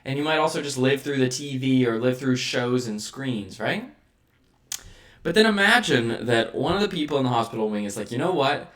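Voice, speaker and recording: This vlog host's medium-pitched voice is animated and fairly bright, at a normal speed. He gives a motivational monologue, asking the listener "right?" again and again in rhetorical fashion.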